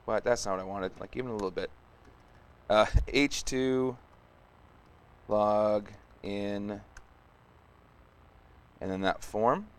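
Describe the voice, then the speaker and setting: Male streamer, lowish voice, casual live-coding commentary, thinks aloud and mutters while working. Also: steady tone, takes it slowly, pauses often, smooth.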